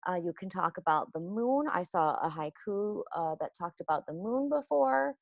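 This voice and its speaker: A woman teacher walks young children through a lesson, slowly and patiently. Her voice has a gravelly, fry-tinged edge. The sound is close and dry, with no room around it. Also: lowish voice, animated, dry recording, muffled recording. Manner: slow, patient, explaining step by step.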